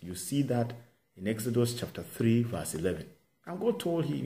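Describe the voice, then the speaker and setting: A man preaching a sermon, retelling a story with animated delivery and exhorting his listeners. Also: medium pitch, moderate pace.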